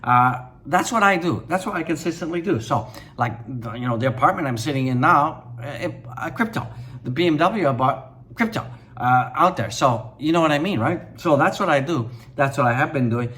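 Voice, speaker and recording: Male crypto vlogger, casual off-the-cuff market talk, filler-heavy and slangy, slightly raised pitch. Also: lively intonation, moderate pace, a bit bright. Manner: rambling, slangy, full of fillers and repeats. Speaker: crypto channel host. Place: his apartment.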